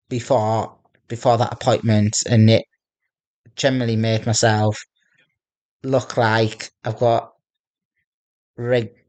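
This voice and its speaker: A man in his thirties from northeast England speaks slowly in a personal video diary. His voice sits at an ordinary middle pitch, and he keeps stopping to repeat and restart his phrases as he goes. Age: 30s. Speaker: vlogger.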